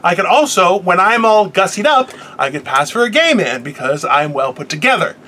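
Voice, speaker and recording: A man's voice: high-pitched, big pitch swings, moderate pace, sharp tone, slight background noise. A man in casual comedic chat, telling crude, self-mocking stories and acting out the voices of the people in them. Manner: acts out quoted voices.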